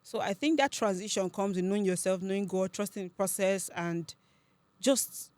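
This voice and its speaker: A young woman with a Nigerian accent, a podcast guest telling her story in a lively, chatty way. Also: medium pitch, no echo. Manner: chatty, animated storytelling with quick laughs. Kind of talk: casual interview chat.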